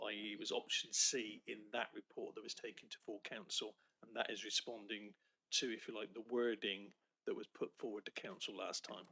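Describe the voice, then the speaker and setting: A male council officer explaining a point in a formal meeting, speaking deliberately slowly and in a measured way. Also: lowish voice, bright, forceful tone, slight background noise, low-quality recording.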